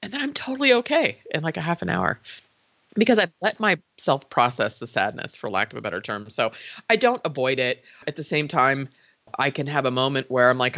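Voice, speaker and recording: A middle-aged woman chats openly as a podcast guest, her pitch swinging up and down as she talks. She sounds heartfelt and laughs easily. The recording is slightly dull and lo-fi, with very little room sound. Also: sing-song, a little fast, fairly bright tone, dry recording. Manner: chatty and heartfelt, laughs often. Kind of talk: casual interview talk.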